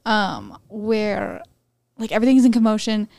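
A woman's voice: mid-range voice, expressive, a little slow, gravelly, a little mellow, no room sound, clean studio sound. A woman co-hosting a casual fan podcast, talking in a thoughtful, hesitant way. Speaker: podcast co-host.

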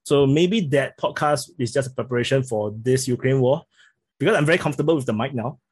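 Husky-voiced man with a Singaporean accent. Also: mid-range voice, dry recording. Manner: halting, repeats words when starting sentences. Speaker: podcast guest. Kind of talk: casual interview chat.

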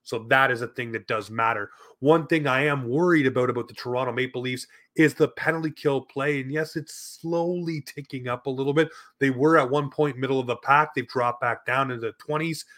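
A man's voice: medium pitch, fairly quick, few pauses, a bit bright. Emphatic male hockey commentator. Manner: emphatic, repetitive, argumentative. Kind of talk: opinionated sports commentary monologue.

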